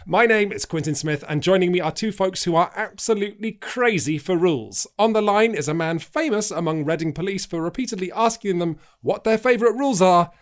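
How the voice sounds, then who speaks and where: A man opens a casual podcast with playful, jokey introductions. His voice sits a little high and moves around a great deal. He sounds animated throughout. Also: a little fast, hardly any pauses. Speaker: podcast host.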